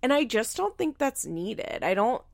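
Woman, casual recap podcaster, lively swooping delivery, gravelly fry, incredulous and profane. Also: fairly high pitch, measured pace, no echo, clean studio sound. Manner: animated, incredulous, swears freely. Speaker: reality show recap podcaster.

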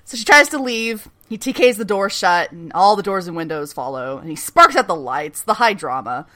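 A woman's voice: lowish voice, normal speed. A woman co-hosting a casual podcast, recapping a TV episode with swearing and lots of laughs. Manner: animated, swearing, laughing often, acting out characters' lines. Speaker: podcast co-host recapping a TV series. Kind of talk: casual chat.

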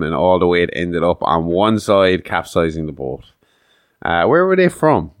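Man, very deep voice, casual podcast chat, laid-back, swears a lot, dry close sound. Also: smooth, no room sound. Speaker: podcast co-host.

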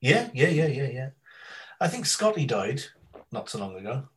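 Man, podcast guest, casual chat, rambling anecdotes, filler ums, middle pitch. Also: very animated, rough recording. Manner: chatty storyteller, many ums, slips into quick impressions.

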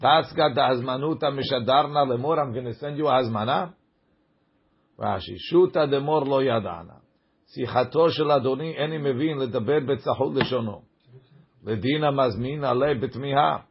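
A man's voice: mid-range voice, racing, breathy edge, highs cut off. A man teaching a Talmud class, reading the Aramaic text aloud and explaining it in casual English.

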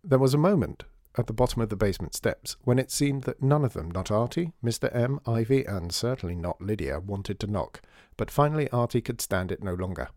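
A man narrating an audiobook with expressive storytelling. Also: on the low side, brisk, hardly any pauses, no room sound, studio quality.

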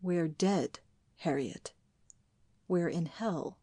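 A woman reading an audiobook, voicing a grim man named Oscar who speaks of hell slowly and bleakly. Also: on the low side, mellow, slightly rough, dry recording, full character voice. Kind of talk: audiobook dialogue.

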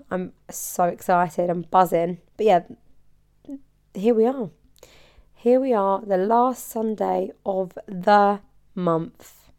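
A woman's voice: mid-range voice, a little mellow, smooth. A woman hosting her own podcast, chatting in a bubbly, rambling way and laughing often. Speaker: podcast host and hairdresser. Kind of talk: casual solo podcast chat.

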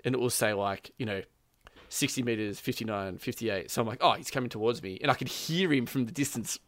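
A man's voice: medium pitch, fairly quick, a bit bright, dry recording. A man casually telling a long story about a game, rambling with plenty of fillers and quoted lines. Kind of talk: casual chat.

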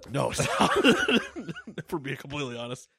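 Lively, animated man ranting for laughs. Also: medium pitch, moderate pace, vocal fry, breathy edge. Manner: animated, profane, mock-ranting. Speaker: podcast co-host. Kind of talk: casual comedic chat about games.

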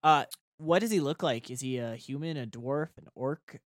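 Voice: medium pitch, moderate pace, dry recording, studio quality. Chatty player rambling through questions. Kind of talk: casual tabletop play.

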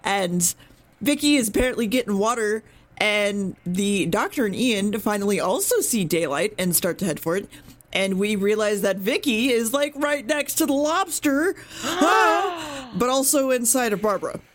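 A woman's voice: mid-range voice, animated, normal speed. A woman co-hosting a podcast, recapping an episode in a rambling, swearing, self-correcting way. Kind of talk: casual podcast chat.

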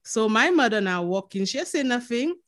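A woman with a Saint Lucian accent, a podcast co-host telling lively stories in casual chat, laughing and swearing freely. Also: fairly high pitch, moderate pace.

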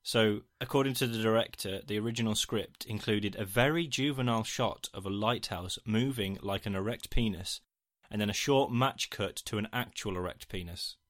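A man co-hosts a film podcast in a loose, irreverent chat. His voice sits a little low, with a bright, lively edge. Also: normal speed. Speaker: podcast co-host.

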